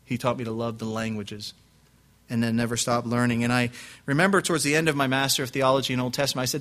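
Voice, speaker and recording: A male pastor telling a lively personal story, acting out his quotes and restarting his sentences often. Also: medium pitch, quick pace. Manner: animated anecdote with acted quotes, frequent restarts and laughs. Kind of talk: preaching storytelling.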